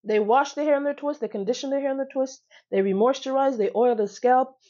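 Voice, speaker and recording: A young woman vlogs casually straight to camera in a high-pitched, mellow voice, talking a little fast. She is sassy and emphatic, repeating phrases for punch and laughing often, though the audio sounds dull.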